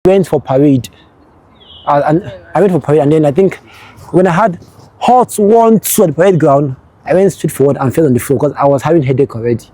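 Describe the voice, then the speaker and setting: A man's voice: on the high side, animated, dark tone. A young man recounting camp memories, often repeating words as he gathers his thoughts. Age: young adult. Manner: halting, repeats words as he thinks. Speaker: platoon executive, interviewee. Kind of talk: casual storytelling.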